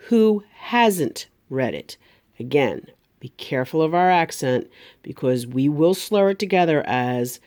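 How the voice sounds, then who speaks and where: A woman teacher, giving a remote grammar lesson to young students and speaking slowly, over-enunciating each word. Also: sits low, a little mellow.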